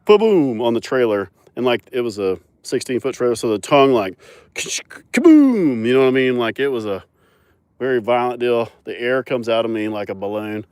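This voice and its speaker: A young man telling animated, laughing stories outdoors on a mountain farm, filmed on a phone. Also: medium pitch, brisk, smooth, dry recording. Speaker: farmer and animal owner. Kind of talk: casual storytelling vlog.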